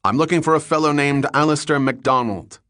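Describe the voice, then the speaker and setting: A man voicing a polite, probing young detective who asks measured questions. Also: on the high side, fairly bright tone, dry recording, clean studio sound, voice pushed up, close to an everyday voice.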